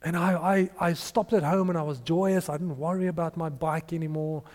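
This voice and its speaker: A man's voice: fairly high pitch, fairly even intonation, fairly quick, a little mellow, long reverb tail. A man preaching a sermon and telling a story, acting out the dialogue in changing voices.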